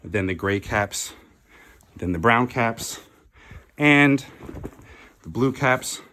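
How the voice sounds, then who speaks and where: A man reading a children's picture book aloud, slow and animated, calling out the characters' lines. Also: lowish voice. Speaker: storybook reader.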